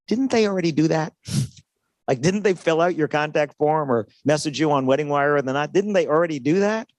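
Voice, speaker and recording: Speaking at a moderate pace, a man with a slightly high voice gives a lively motivational sales seminar at a trade show. He talks casually, acts out dialogues, and keeps tossing "right?" to the crowd. His voice sounds dry and close, with almost no room sound.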